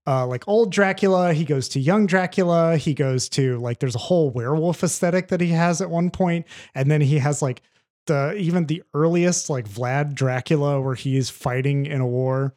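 Man, podcast co-host, casual film chat, rambling, animated, cursing, fairly high voice. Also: moderate pace. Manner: animated and rambling, swears freely. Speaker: podcast co-host reviewing films.

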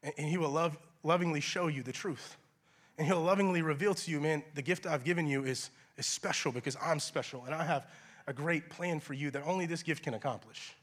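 A man preaching a sermon as pastor, earnest and conversational, with casual fillers and soft, hushed stretches for prayer. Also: on the high side, brisk. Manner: drops soft and quiet for prayerful lines.

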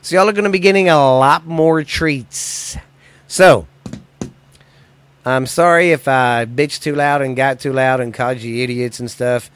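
A man hosting a podcast, ranting in a profane, agitated way that swings between loud and quiet. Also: mid-range voice, unhurried, clean tone. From United States. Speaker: podcast host. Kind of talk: angry solo podcast rant.

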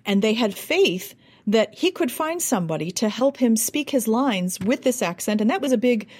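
American woman dialect coach chatting on a podcast, animated, does little accent demos. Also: medium pitch. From United States. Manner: animated, demonstrates accents and sounds. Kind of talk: interview guest, casual storytelling.

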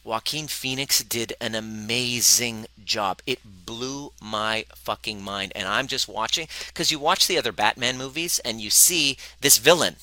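A man coaching a live workshop audience, animated and profane, who speaks to them directly and acts out the voices of the people he quotes. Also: medium pitch, measured pace, hardly any pauses, no room sound, rough recording. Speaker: relationship coach.

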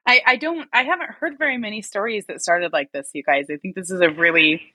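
A woman from rural Oregon hosts the conversation, enthusiastic and effusive, laughing often. Her voice is bright and forward, recorded close and dry with no room around it. Her pitch sits in a middle range for a woman. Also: fast, breathy edge, no echo. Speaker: interview host. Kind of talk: conversational interview.

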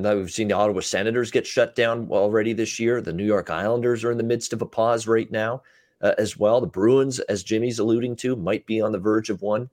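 Low-voiced man recapping hockey games. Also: a little mellow, no echo, studio quality. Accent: North American English. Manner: quick recaps with frequent "uh" fillers. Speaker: podcast co-host, betting analyst. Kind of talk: casual sports betting chat.

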